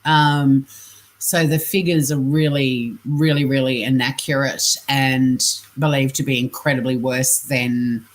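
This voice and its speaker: A woman's voice: a bass voice, flat delivery, a little slow. An Australian woman hosting a casual livestream, reading scam messages and chat aloud, chatty, laughing often and swearing freely. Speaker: scambaiting livestream host.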